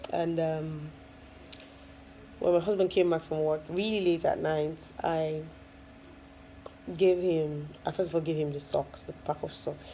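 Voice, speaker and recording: A woman's voice: low-pitched, creaky, mellow, a little hiss or hum, rough recording. A woman, a first-time mom, casually telling her own story with lots of fillers and frequent laughs. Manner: chatty, many fillers, laughs often.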